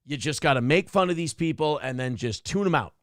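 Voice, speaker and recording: A man's voice: on the high side, lively intonation, fairly quick, fairly bright tone, no room sound, studio quality. A man co-hosting a talk show, giving blunt, profane commentary and ranting about the people in the clips. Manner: blunt, ranting, mocks others with put-on voices. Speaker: morning show co-host.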